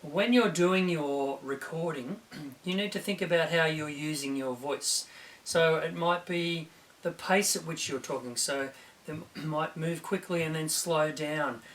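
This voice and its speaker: Encouraging throat-clearing male teacher. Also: a little high, measured pace, a bit bright, distant mic. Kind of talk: recorded video lesson for students.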